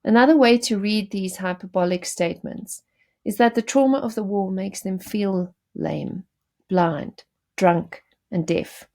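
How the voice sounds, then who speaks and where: A woman's voice: medium pitch, a little slow, a little mellow. A woman teacher giving a recorded lesson, explaining poetry to her students with fillers and self-corrections. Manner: explanatory, addresses students directly.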